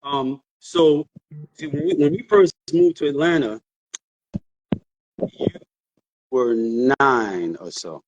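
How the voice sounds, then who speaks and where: A man's voice: mid-range voice, slow, long pauses, dull audio. A middle-aged man, a father co-hosting a casual podcast, telling stories and repeating words as he thinks. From New York. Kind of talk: casual chat.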